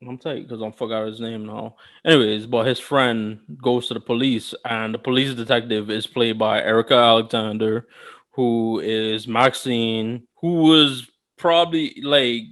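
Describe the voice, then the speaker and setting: A young man co-hosting a podcast, chatting casually and telling stories in a rambling, animated way with lots of restarts. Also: medium pitch, measured pace. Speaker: podcast co-host. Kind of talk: casual chat.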